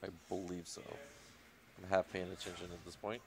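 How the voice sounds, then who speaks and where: A man's voice: low voice, level tone, a little fast, a little mellow, a little hiss or hum. A man co-commentating a golf video game stream with laid-back, dry, understated remarks. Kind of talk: casual esports commentary.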